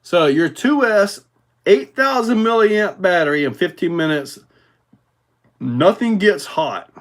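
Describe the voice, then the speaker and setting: Male livestream host, pitched a bit high, easygoing and rambling, talks through viewer comments. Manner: rambling, relaxed, many fillers. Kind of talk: casual livestream chat reading viewer comments.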